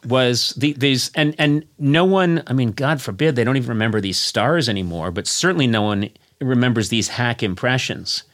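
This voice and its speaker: A man's voice: mid-range voice, moderate pace, few pauses, a bit bright. A man hosting a comedy podcast, chatting playfully and drifting into silly bits. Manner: playful, jumps into silly voices. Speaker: podcast host. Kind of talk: casual comedic chat.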